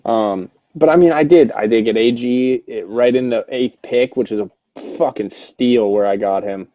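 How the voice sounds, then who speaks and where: A young man co-hosting a casual podcast about an online hockey league, rambling and excitable, swearing freely and restarting his sentences a lot. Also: medium pitch, normal speed, dry recording. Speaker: podcast co-host. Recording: dull, lo-fi, dry sound.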